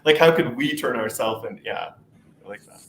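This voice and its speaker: A man moderating a webinar panel, thinking aloud in a relaxed way before passing the turn. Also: medium pitch, normal speed, a crowd in the background. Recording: roomy audio with audible noise.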